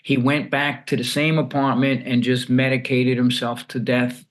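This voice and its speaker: Brief: mid-pitched man from New York, podcast guest, candid and profane storyteller. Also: flat delivery, moderate pace. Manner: blunt and profane, with frequent restarts.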